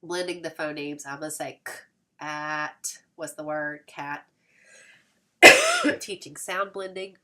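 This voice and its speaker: A woman's voice: sits low, big pitch swings, takes it slowly, pauses often, bright, forceful tone. A woman instructor with a congested voice giving a recorded lecture, explaining step by step with fillers and self-corrections. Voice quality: occasional throat clearing.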